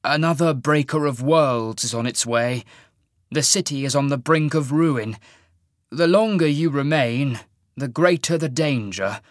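A man voicing a weary, self-sacrificing male mage in an audiobook, speaking slowly and holding back emotion. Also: mid-range voice, no echo, studio quality, voice pushed up, close to an everyday voice. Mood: urgent. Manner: slow and restrained.

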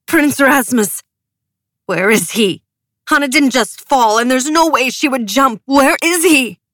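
A woman voicing a grief-stricken, furious young woman in an audiobook, her voice shrill and sharp. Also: unhurried, no room sound, studio quality, lightly acted.

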